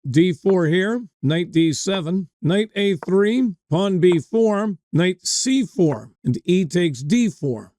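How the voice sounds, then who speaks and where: A man's voice: high voice, animated, takes it slowly, few pauses, darkish tone, no echo, studio quality. A man coaching chess, calling out moves and drifting into chatty stories while talking to his viewers. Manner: chatty, digresses into anecdotes, addresses viewers. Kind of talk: chess game commentary lesson.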